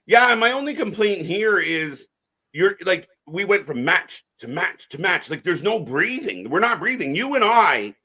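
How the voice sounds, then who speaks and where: A man's voice: sits high, sing-song, normal speed, sharp tone, breathy edge. A man co-hosting a live wrestling watch-along stream, giving opinionated, rambling takes with frequent restarts.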